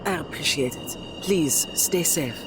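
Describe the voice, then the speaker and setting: A man's voice: fairly high pitch, measured pace, background noise, close to an everyday voice. A man doing a guarded young medic with a French accent. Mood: gentle. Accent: French, put on. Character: hardened young woman field medic, guarded.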